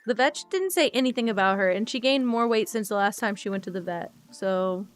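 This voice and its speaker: A woman's voice: mid-range voice, fairly quick, soft background music. A woman streaming a game, chatting casually and emotionally with viewers while she plays.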